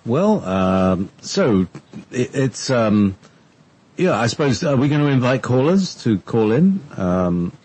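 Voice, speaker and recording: A man co-hosting a casual talk show, rambling with sudden pitch swings. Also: big pitch swings, takes it slowly, darkish tone.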